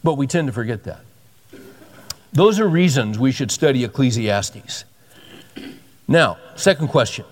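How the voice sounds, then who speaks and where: A man's voice: medium pitch, expressive, unhurried, pauses often. A man preaching a sermon as a pastor, conversational and emphatic, often repeating himself for stress. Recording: long hall reverb.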